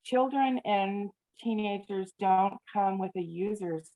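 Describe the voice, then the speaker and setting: A family therapist speaks earnestly in a podcast interview, at times imitating a scolding parent. Her medium-pitched voice is warm and slow, carried over a tinny, phone-like remote line.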